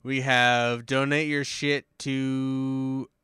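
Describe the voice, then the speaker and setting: A man's voice: mid-range voice, little pitch movement, very slow, pushed and bright, clear, resonant tone, no echo, studio quality. A tipsy man hosting a casual podcast chat, rambling loosely and trailing off. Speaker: podcast host.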